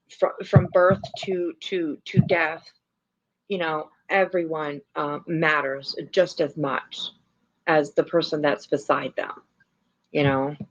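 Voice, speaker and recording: A woman hosting a casual livestream, rambling with many fillers and the odd swear while she comments and reacts. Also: sits low. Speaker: livestream host. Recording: lo-fi stream audio.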